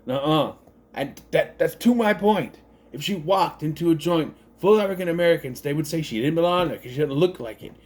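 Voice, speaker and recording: A man's voice: a little high, fairly quick, a little mellow. A man giving a casual spoken movie review, rambling and correcting himself as he thinks aloud.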